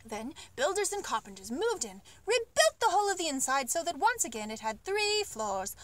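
A woman reads a children's story aloud with a high, bright-sounding voice. Her delivery is expressive and animated, rising and falling freely from line to line as she tells the tale. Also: moderate pace. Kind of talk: reading a children's book aloud.

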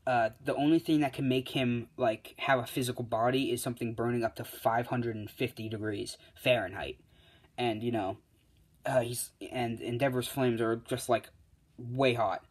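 A man's voice: mid-range voice, steady tone, moderate pace. Rambling young man telling a fan story. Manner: rambling, frequent "uh" and self-corrections, laughs at own story. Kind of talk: improvised fan-fiction storytelling.

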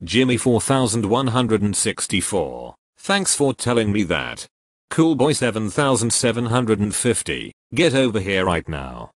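A computer-generated male voice that reads joke error messages aloud in a flat, even, text-to-speech manner. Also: fairly low pitch, unhurried, no echo, studio quality. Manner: flat, evenly paced computer voice. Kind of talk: synthetic text-to-speech reading.

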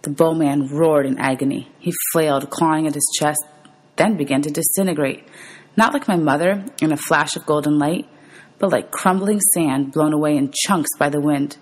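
Husky low-voiced teacher reading aloud. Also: female voice, moderate pace, darkish tone, low-quality recording. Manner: announces page numbers. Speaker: teacher reading to her students.

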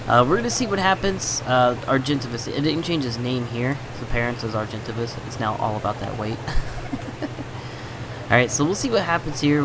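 A man's voice: medium pitch, noisy background. Chatty man narrating his game. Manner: chatty, exasperated, laughs at own bad luck. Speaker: gaming channel host. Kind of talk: casual gameplay commentary.

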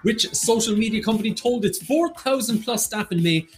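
An Irish man hosting a casual online quiz, bantering and reading questions out slowly. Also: sits high, expressive, soft background music. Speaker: quiz host.

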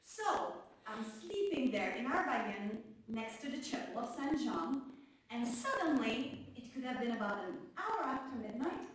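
A woman playing a lively young trader girl. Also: fairly high pitch. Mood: animated. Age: young adult. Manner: animated storyteller, slow and expressive. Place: theater stage. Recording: echoey stage from far off.

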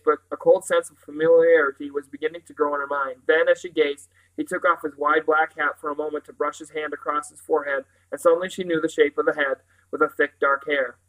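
A man with a fairly high voice reads a novel aloud in a measured, expressive storytelling manner. He carries the narration steadily from scene to scene. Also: poor audio. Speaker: audiobook reader.

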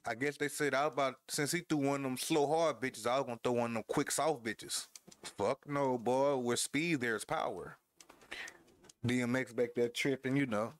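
A man's voice: medium pitch, fairly even intonation, normal speed. A man casually commenting on his wrestling game as he plays, trash-talking his opponent, laughing and talking to his viewers. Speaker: gamer. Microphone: headphones headset.

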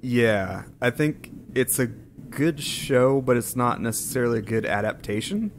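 A man co-hosting a podcast in casual chat, slightly hoarse from being sick, rambling with many hesitations. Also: medium pitch, lively intonation, unhurried, slight background noise. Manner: rambling, hesitant, lots of ums. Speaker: podcast co-host.

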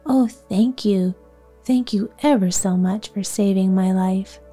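A woman softly playing a proud tiny mouse queen, storybook voice, hushed and unhurried, dark mellow tone, faint music behind. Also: medium pitch. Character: grateful proud little queen of field mice, female.

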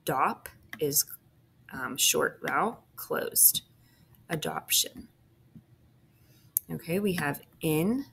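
A woman's voice: sits low, lively intonation, takes it slowly, creaky, fairly bright tone, a little hiss or hum. A woman teacher walking through a phonics packet, patiently sounding out each syllable step by step. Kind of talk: phonics lesson walkthrough.

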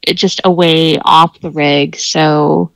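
A woman's voice: sits low, fairly even intonation, takes it slowly, vocal fry, no echo, rough recording. A woman playing in a tabletop game, hesitantly describing what her character does. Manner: hesitant, thinking aloud. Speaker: player.

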